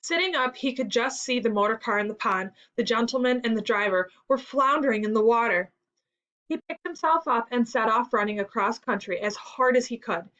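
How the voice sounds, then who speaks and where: Woman narrator for a school read-aloud, expressive storytelling, fairly high voice, dull lo-fi recording. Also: normal speed. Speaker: story reader in a school reading lesson.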